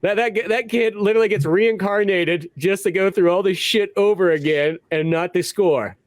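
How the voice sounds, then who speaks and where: A man's voice: sits high, moderate pace, no echo. A man co-hosting a podcast, chatting crudely about old games, laughing often and acting out characters in mocking voices. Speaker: podcast co-host. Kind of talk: casual crude comedic chat.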